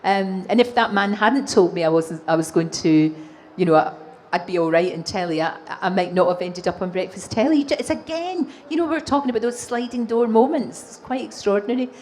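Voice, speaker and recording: A woman in her sixties with a Glaswegian Scottish accent, a TV presenter answering audience questions on stage, animated and laughing often. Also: medium pitch, fairly quick, slight background noise. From Scotland. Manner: animated storytelling with frequent laughs. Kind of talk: live stage Q&A. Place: exhibition hall stage.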